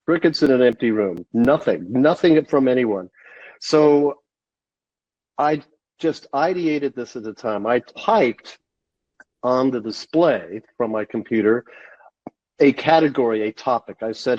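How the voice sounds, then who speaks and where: A man being interviewed on a podcast, telling a story at a steady, measured pace. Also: mid-range voice, no room sound. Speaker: guest, sales consultant. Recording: dull, dry lo-fi sound.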